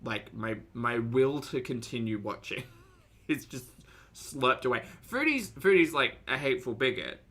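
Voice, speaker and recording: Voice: medium pitch, animated, measured pace, a bit bright. A streamer giving blunt, sarcastic live commentary to chat and swearing freely. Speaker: streamer reacting to videos.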